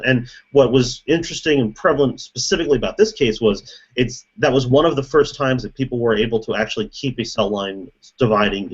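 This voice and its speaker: A man's voice: mid-range voice, breathy edge, dull audio. A man in a casual group discussion, thinking aloud as he explains things at length. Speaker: meeting participant.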